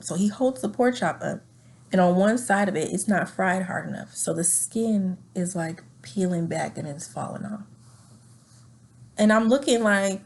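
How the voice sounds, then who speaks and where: A young adult woman telling her own story of a past relationship with frank, animated retelling, acting out quoted dialogue with nervous laughs. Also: fairly low pitch, unhurried. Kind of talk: candid personal storytelling.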